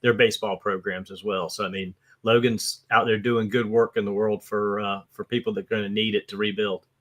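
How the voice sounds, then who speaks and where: A man co-hosting a casual sports show, giving an earnest, halting plug full of uhs. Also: lowish voice, level tone, a bit bright. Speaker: podcast co-host.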